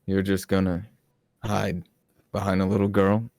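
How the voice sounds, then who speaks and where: Casting note: sarcastic player, lowish voice, dry sound. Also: male voice, level tone, measured pace, a little mellow, dry recording. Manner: blunt, sarcastic and profane. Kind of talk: in-character tabletop play.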